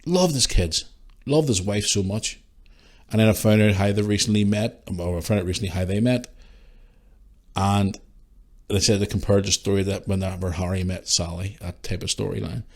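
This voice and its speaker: A middle-aged podcast host with a Northern Irish accent delivers an emotional tribute monologue, speaking haltingly, swearing, and restarting his sentences. His voice is deep with a darkish tone.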